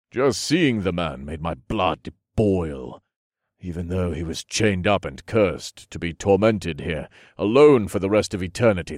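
A man narrating a first-person fantasy audiobook in a measured, steady storytelling manner. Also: low voice, no echo, studio quality.

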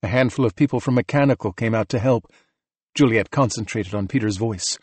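A man narrating an audiobook in a steady, measured reading voice. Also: lowish voice, slight background noise. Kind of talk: scripted narration.

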